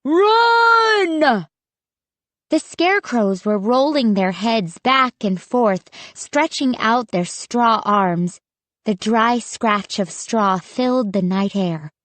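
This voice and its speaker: A woman narrating a spooky children's audiobook in a measured, suspenseful reading. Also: medium pitch, a bit bright, no echo. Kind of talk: scripted horror narration.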